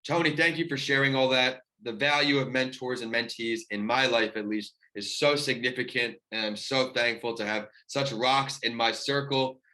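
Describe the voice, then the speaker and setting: A man's voice: medium pitch, fairly even intonation, normal speed, hardly any pauses, bright, forceful tone. A man hosting a podcast, politely thanking his guest and asking for a last word. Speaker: podcast host. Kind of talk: podcast interview.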